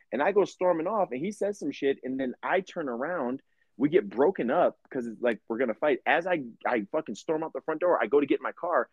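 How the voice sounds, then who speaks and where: A man's voice: a little high, a little fast, breathy edge, no echo, dull audio. A young man co-hosting a podcast, telling rambling, profane stories in casual chat. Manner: profane, rambling, animated storyteller. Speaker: podcast co-host.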